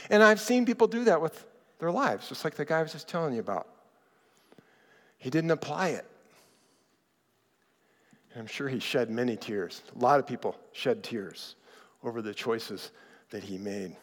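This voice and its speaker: A man preaching a sermon in a conversational, animated way, acting out the people in his stories. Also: fairly high pitch. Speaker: pastor. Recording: reverberant hall.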